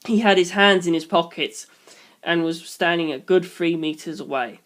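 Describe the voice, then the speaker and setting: A man giving a dramatic reading of a novel, doing loud voices for the characters. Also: on the high side, moderate pace. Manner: switches into shouted character voices. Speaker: reader.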